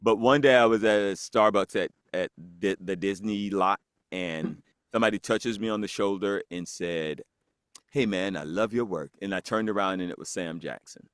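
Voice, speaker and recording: A man's voice: lowish voice, moderate pace, smooth, no echo, clean studio sound. A man guest on a podcast, telling a story in casual chat and acting out the voices of the people in it, laughing often.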